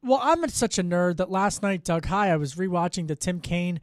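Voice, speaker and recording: A male news anchor with a high voice sets the scene and chats with his panel, loose and self-deprecating, often restarting his sentences. The sound is close and dry, with no room around it. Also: lively intonation, normal speed, no room sound. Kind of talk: live news commentary.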